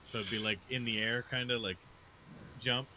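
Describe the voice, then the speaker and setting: A man's voice: medium pitch, fairly even intonation, normal speed, noisy background. A man playing a tabletop game, hesitant and filler-heavy as he thinks aloud. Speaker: player. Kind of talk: casual tabletop play.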